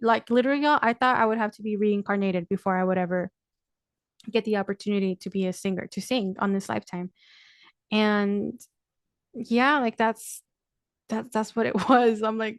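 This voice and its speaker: A woman's voice: medium pitch, steady tone, moderate pace, no room sound, studio quality. A young woman hosting a podcast, talking candidly in a casual monologue, swearing freely and addressing listeners as y'all. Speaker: podcast host.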